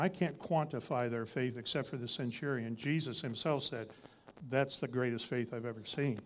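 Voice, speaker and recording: A man preaching a sermon in a conversational teaching style, reading scripture and building to emphatic repeated lines. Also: mid-range voice.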